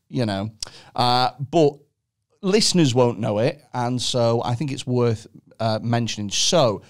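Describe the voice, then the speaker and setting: A man hosting a podcast, telling stories in an excitable, sweary, comedic way. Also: medium pitch. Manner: animated, sweary, excitable storytelling. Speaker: podcast host. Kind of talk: casual comedic chat.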